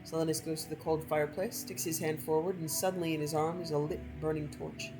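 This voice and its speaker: A woman with a low voice reads a story from a game aloud in a measured, expressive way. Faint game music plays softly underneath. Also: low-quality recording. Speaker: gameplay streamer.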